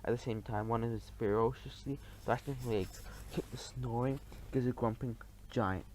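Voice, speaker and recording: A man narrating a children's story in an expressive, animated way, with small slips. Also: medium pitch, normal speed, slight background noise. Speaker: audiobook reader.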